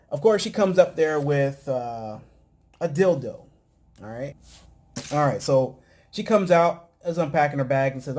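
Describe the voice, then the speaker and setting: A podcast host with a slightly high, mellow voice recaps episodes of a casual talk show, rambling loosely and using lots of fillers. Now and then he mimics the cast's lines in quoted bits.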